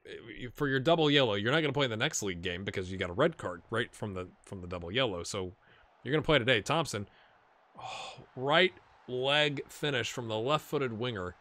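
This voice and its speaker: Bright-voiced man rambling over gameplay. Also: lowish voice, expressive, quick pace. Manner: rambling, chatty, jokey asides to players. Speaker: gaming video host. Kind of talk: casual gameplay commentary.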